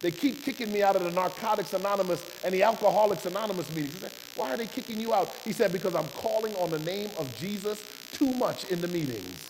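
A man preaching a sermon, telling a testimony with passion, his voice swinging from hushed to loud. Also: high-pitched, quick pace, hardly any pauses. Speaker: preacher and doctor. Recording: long hall reverb with electrical hum and hiss.

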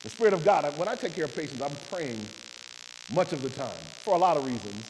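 A man preaching a sermon, telling a testimony with passion, his voice swinging from hushed to loud. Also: fairly high pitch, expressive, fairly quick. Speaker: preacher and doctor. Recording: long hall reverb with electrical hum and hiss.

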